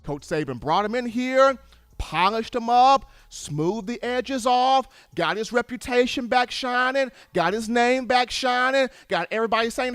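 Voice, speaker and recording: A man hosting a sports show, giving opinionated commentary in an emphatic, animated way, now and then acting out other people's voices. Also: very high voice, a little slow, smooth, no echo, clean studio sound. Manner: animated, emphatic, acts out voices of fans and relatives.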